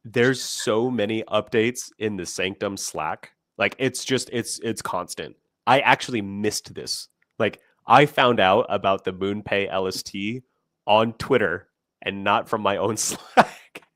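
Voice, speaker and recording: A man's voice: fairly low pitch, a little slow, a bit bright, dry recording, studio quality. A young man hosting a casual livestream, rambling with many fillers and restarts and laughing often. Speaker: company founder hosting a livestream.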